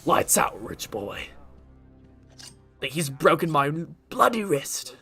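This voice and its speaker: A man imitating a vengeful male crime boss with a British accent, loud and gleeful, from a video game. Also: fairly high pitch, sing-song, slow pace, soft background music, heavily acted. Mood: gloating.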